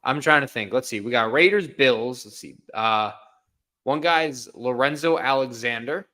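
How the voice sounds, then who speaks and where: A man's voice: medium pitch, normal speed, pushed and bright. A man co-hosting a live baseball stream, chatting casually, laughing often and giving strong opinions. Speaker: co-host of a live baseball watch-along stream. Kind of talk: casual live sports chat.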